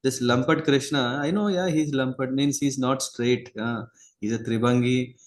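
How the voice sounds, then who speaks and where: A man giving a devotional lecture as a spiritual teacher, pausing often with fillers and checking in with listeners. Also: mid-range voice, rough recording. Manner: halting, many pauses and fillers, asks listeners "yeah?".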